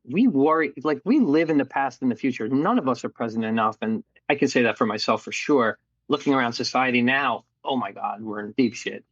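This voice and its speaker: A middle-aged man with a medium-pitched voice tells his life story in a candid, casual interview, talking fairly quickly with hardly any pauses. He's an animated storyteller who acts out what people said to him and swears casually. The lo-fi recording has no echo.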